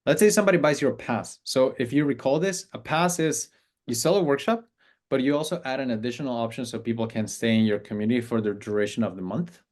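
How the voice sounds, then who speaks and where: A man's voice: mid-range voice, quick pace, a little mellow. A man coaching on client business in a casual, conversational talk, acting out sample messages.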